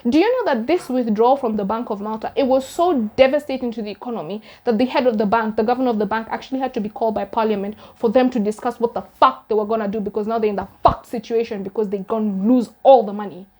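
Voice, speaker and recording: Kenyan girl doing true crime, high voice, super sarcastic, keeps asking like how did u fall for this. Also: quick pace, hardly any pauses, dark tone. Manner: sarcastic, incredulous, fires off rhetorical questions. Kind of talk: casual commentary on a crime case.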